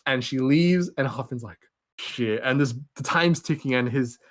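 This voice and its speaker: A young man hosting a podcast, giving an excited, rambling movie recap and acting out characters' lines. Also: mid-range voice, normal speed. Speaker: podcast host.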